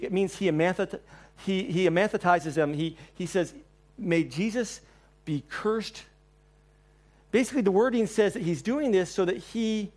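A man preaching a sermon in a church. He tells the story with energy, acts out the quotes, and moves between loud and quiet passages. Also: high voice. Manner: animated storyteller, acting out quotes, swings between loud and soft.

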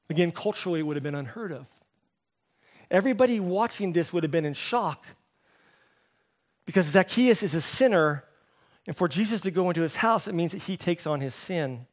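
High-voiced man preaching animatedly. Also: moderate pace, long pauses. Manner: animated storytelling, voicing quoted characters; drops to a soft, low voice for emphasis. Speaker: pastor. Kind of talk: sermon.

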